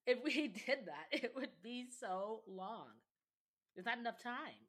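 A woman's voice: fairly high pitch, animated, slow pace, a bit bright. A woman chatting casually and animatedly on a podcast, laughing often and acting out other people's words. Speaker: podcast guest. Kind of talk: casual chat about reality TV.

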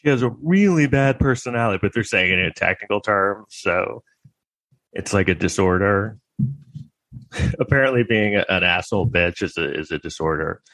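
A man's voice: lowish voice, expressive, normal speed, a bit bright, no echo. A man delivering a rambling, crude, sarcastic comedic monologue.

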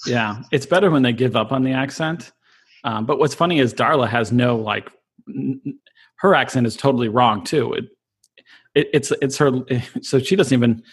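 A man co-hosting a podcast in relaxed, joking talk. His voice is husky with a breathy edge, and he laughs often and trips over his own sentence starts. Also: mid-range voice, moderate pace. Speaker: podcast co-host. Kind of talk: casual chat.

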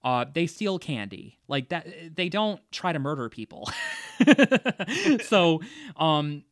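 A man's voice: on the high side, lively intonation, takes it slowly, clear, resonant tone, no room sound, clean studio sound. A man hosting a casual movie discussion, chatty, with frequent laughs and fillers. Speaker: podcast host.

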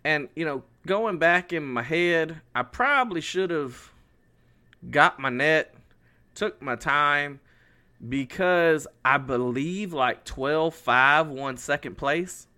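A man's voice: fairly high pitch, slow pace, clear, resonant tone. A man co-hosting a podcast, telling a story in casual chat and acting out the lines people said. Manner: animated storyteller who acts out his own and others' lines. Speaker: podcast co-host.

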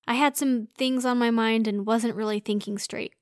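A woman's voice: on the high side, fairly even intonation, normal speed, dry recording, studio quality, natural voice. A woman voicing a playful, teasing young man in a read-aloud story.

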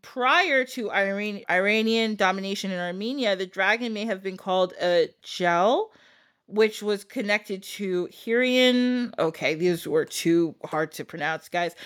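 A woman's voice: medium pitch, a little slow, a bit bright. A woman podcast host retelling a folk tale in a casual, chatty way, laughing often and dropping slangy asides. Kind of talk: casual storytelling.

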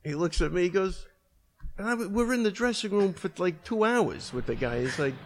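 Middle-aged man, gym owner, rough gravelly voice, loose rambling storyteller. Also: high-pitched, expressive, moderate pace. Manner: rambling storyteller, many fillers. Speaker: martial arts gym owner. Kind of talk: casual podcast chat.

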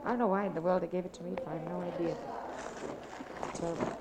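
A woman's voice: on the low side, racing, heavy background noise. Older woman, rambling reminiscences. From Italy. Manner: rambling, repetitive, animated storytelling. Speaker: interviewee. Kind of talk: casual reminiscing. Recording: crowd chatter behind.

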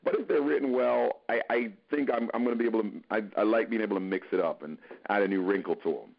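A man's voice: fairly low pitch, quick pace, vocal fry. A man who is a guest actor in a casual podcast interview, talking earnestly and encouragingly as he thinks aloud. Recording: dull lo-fi podcast audio.

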